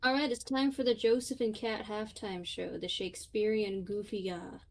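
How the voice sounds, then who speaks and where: A young woman co-hosting a gaming stream, chatting casually with playful jokes and quick asides. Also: medium pitch, steady tone. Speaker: streamer co-host.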